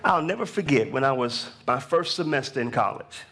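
A man in his thirties preaching a sermon, swinging from hushed storytelling to raised exhortation, with call-and-response lines. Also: medium pitch, expressive, a little fast. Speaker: pastor.

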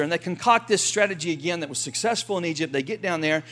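High-voiced lively preaching man. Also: fast. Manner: lively, folksy preaching with acted quotes. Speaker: pastor. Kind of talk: sermon.

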